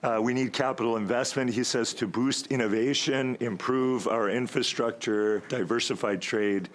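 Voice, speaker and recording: Rambling, slightly hoarse politician at committee. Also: male voice, medium pitch, fairly even intonation. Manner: rambling, halting, stalling for time; argumentative toward opponents. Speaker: member of parliament at a committee. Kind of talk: long-winded committee floor speech. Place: parliamentary committee room.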